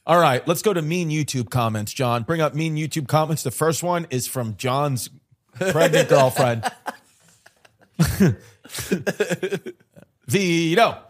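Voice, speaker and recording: A man's voice: a little high, unhurried. A man co-hosting a comedy podcast, casually bantering and mocking with a brash, joking manner. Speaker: podcast co-host.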